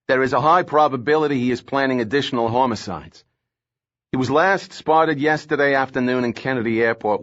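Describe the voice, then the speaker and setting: A man's voice: medium pitch, fairly bright tone, highs cut off, natural voice. A man voicing an angry, stocky federal agent in charge who speaks in a curt, abrasive way.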